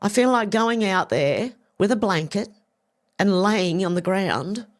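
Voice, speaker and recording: A woman's voice: mid-range voice, animated. Chatty Australian woman on a livestream. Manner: rambling, chatty, repeats herself, quick laughs. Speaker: livestream host. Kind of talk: casual livestream chat reading viewer comments.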